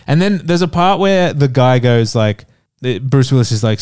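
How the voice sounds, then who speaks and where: A man's voice: medium pitch, fairly quick, few pauses, a little mellow, clear, resonant tone. A man hosting a casual movie review chat, retelling scenes and laughing often.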